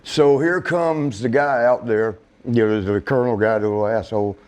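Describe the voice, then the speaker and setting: A man's voice: moderate pace, darkish tone. Middle-aged guy spinning a yarn, laughs a lot, cusses, does voices for the other people. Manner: laughs often, swears, acts out quotes with raised pitch. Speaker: interview guest. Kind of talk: casual storytelling.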